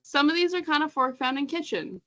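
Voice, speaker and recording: A woman's voice: sits high, lively intonation, a little fast, highs cut off, crowd noise. A woman co-hosting a casual podcast, chatty and laughing often, stumbling over names as she reads them out. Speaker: podcast co-host. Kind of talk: casual chat.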